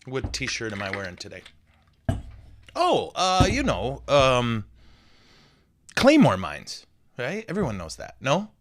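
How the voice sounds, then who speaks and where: Lively-pitched joking priest, dry close sound. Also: male voice, slow pace, long pauses, dry recording. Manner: joking, self-deprecating, rambling asides. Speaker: Catholic priest and podcast host. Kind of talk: casual podcast chat.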